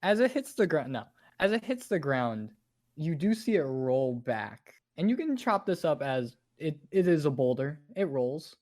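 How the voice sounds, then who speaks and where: Lively game master narrating a tabletop game. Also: mid-range voice, measured pace.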